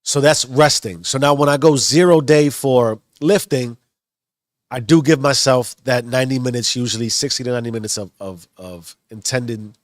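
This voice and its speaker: A man's voice: mid-range voice, moderate pace, dry recording, studio quality. A married man with children talking in a casual motivational monologue, earnest and rambling with many restarts. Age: adult, married with children. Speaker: self-improvement vlogger.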